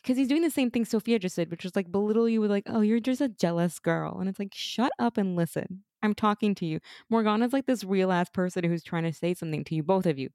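A woman co-hosting a casual podcast, animated and opinionated, full of quick asides. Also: mid-range voice, no room sound, studio quality. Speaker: podcast co-host. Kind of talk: casual chat.

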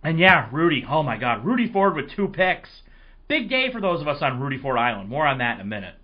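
Hoarse, excitable male sports podcaster. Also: medium pitch, brisk, lo-fi sound. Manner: rambling, excitable storytelling. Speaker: podcast host. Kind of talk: casual sports podcast monologue.

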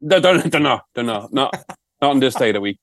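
A man's voice: mid-range voice, expressive, a little fast, fairly bright tone, no echo. A man co-hosting a comedy podcast, with dry, playful banter. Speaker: podcast co-host. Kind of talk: casual comedic chat.

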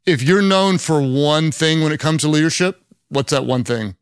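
A man with a Southern US accent hosting an interview, friendly and affirming with quick asides. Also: on the high side, smooth, no echo, clean studio sound. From Oklahoma. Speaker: podcast host. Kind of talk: conversational interview.

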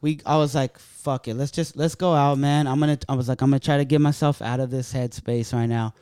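A man telling a story in a casual podcast chat, animated and profane, acting out what people said. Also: medium pitch, brisk, smooth, no room sound, studio quality. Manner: profane, animated, acts out quotes.

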